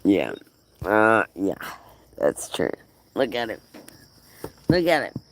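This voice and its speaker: Male actor as a doting, tearful dog owner; slow, gravelly delivery with a wide pitch swing. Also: huge pitch swings, a bit bright, slight background noise, exaggerated voice. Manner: rambling, doting and tearful, half laughing. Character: grieving man doting on his aging dog. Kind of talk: emotional monologue.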